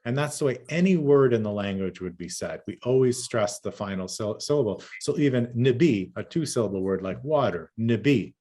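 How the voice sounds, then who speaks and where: A man who is a storyteller, telling a traditional tale and answering questions in a rhythmic, measured way over a video call. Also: medium pitch, animated, warm tone. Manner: rhythmic, measured, lingers on native words.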